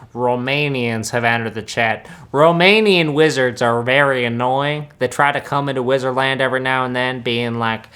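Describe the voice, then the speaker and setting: A man's voice: mid-range voice, sharp tone. A young man, playing a boastful country-boy wizard who reacts to films in a laid-back, rambling drawl full of folksy asides. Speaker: comedic film reactor. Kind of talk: deadpan comedic reaction.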